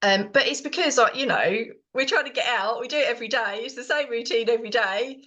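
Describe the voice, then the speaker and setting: A woman's voice: a little high, fairly quick, bright, forceful tone. A middle-aged woman with a British accent, co-hosting a podcast in casual chat, rambling with many fillers and restarts. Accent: British English. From Britain. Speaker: podcast co-host.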